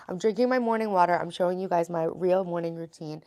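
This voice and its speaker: A woman in her thirties from New York who has just woken up, chatting casually with live-stream viewers in her bedroom. Her voice is raspy, and she greets people by name as she reads the chat aloud. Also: lowish voice, fast, mellow. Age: 30s. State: sleepy, just woke up.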